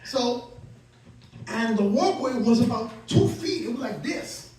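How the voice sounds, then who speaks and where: A man's voice: very high voice, lively intonation, measured pace, darkish tone. A man performing stand-up comedy, telling a self-mocking story and acting out the scenes. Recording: echoey room, distant mic.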